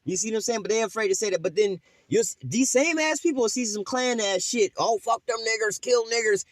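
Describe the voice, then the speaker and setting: Cast a quick, high-voiced man who rants, cusses and preaches over a clip, dry close sound. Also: no room sound. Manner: preachy, swears constantly, keeps asking "all right?". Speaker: video commentator. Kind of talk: profane reaction commentary.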